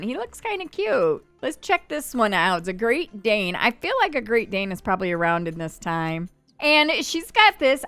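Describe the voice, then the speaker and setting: Gamer lady chatting thru her let's play, excitable, dry close mic, faint music behind. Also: mid-range voice, smooth, no room sound. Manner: chatty, excitable, gasping reactions. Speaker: gaming channel host.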